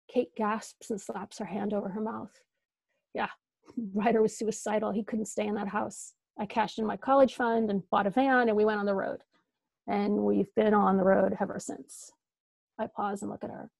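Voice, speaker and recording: Woman author, fiction reading, gravelly, mellow tone. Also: mid-range voice, flat delivery, moderate pace, no room sound. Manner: dramatic first-person reading with emotional dialogue. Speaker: author reading her novel.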